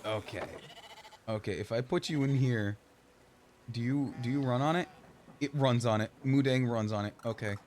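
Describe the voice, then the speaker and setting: A man's voice: medium pitch, normal speed, a little mellow, a little hiss or hum. Rambling, jokey male streamer. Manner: rambling, jokey, talks to game characters. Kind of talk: casual gameplay commentary.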